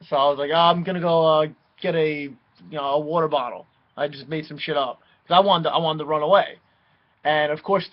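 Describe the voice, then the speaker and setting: A young man casually telling a personal story, animated and swearing freely, mimicking the people he quotes. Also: on the high side. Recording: dull lo-fi recording.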